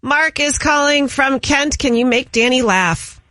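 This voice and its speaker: A woman's voice: sits high, a little slow, pushed and bright, no room sound. A woman co-hosting a morning radio show, introducing callers with brief upbeat reactions. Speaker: radio co-host.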